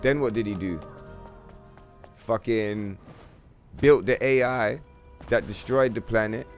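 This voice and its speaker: A man's voice: lowish voice, slow, faint music behind. A man streaming a game, rambling in a casual, profane, slang-heavy way. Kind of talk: casual livestream chat.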